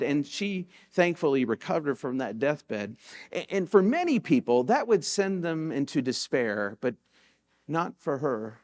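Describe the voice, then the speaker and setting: Higher-voiced male pastor preaching conversationally. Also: lively intonation, moderate pace, a little mellow. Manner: conversational storytelling preaching, repeats key points for emphasis. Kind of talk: sermon. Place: church sanctuary.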